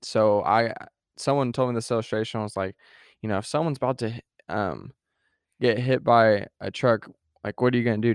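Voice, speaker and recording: A man co-hosting a podcast chats casually about faith, rambling, restarting sentences, using fillers and acting out little quoted scenes. His voice is lowish, steady and clean, moving fairly quickly. The recording is dry, with clean studio sound.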